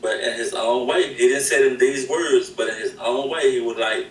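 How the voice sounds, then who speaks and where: A man's voice: mid-range voice, steady tone, normal speed. Laid-back man, distant echoey mic. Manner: laid-back, slangy, rambling. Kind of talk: casual storytelling. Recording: echoey and distant with faint noise.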